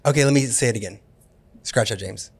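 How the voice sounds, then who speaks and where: A man's voice: lowish voice, brisk, gravelly, breathy edge. A man co-hosting a comedy podcast, chiming in with dry, teasing remarks. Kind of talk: casual comedic chat.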